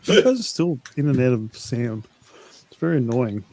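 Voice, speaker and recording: A man co-hosting a podcast over an online call, halting and distracted while fiddling with his settings. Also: mid-range voice, very animated, mellow. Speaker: podcast co-host. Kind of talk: casual chat.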